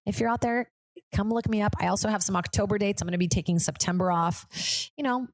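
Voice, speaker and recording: A woman's voice: mid-range voice, quick pace, no echo. A woman in her thirties hosting a comedy podcast, rambling along casually and slipping into quoted voices. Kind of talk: casual chat.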